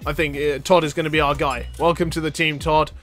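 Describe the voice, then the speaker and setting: Excitable, playful man doing game commentary. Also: a little high, brisk, faint music behind. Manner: playful, excitable, laughs often, talks to game characters. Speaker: gameplay video host. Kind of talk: casual let's-play commentary.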